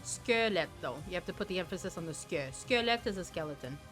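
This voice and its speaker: A woman's voice: fairly low pitch, lively intonation, fast talker, a bit bright, soft background music. A woman streamer chatting casually and playfully with her viewers. She sounds a little tired and often repeats words as she restarts.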